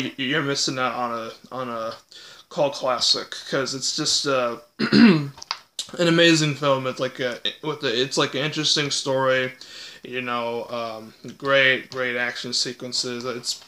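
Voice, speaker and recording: A man's voice: medium pitch, pushed and bright, slight background noise. A young man vlogging a casual film review, rambling with many fillers and restarts. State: hiccups. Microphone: tablet or phone.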